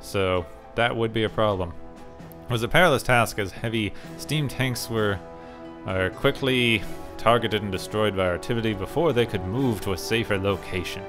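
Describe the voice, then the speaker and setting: A man's voice: lowish voice, normal speed, a bit bright, soft background music. A man hosting a gaming video, reading the game's story text aloud and adding wry, sarcastic asides in a casual let's play style. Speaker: gaming channel host.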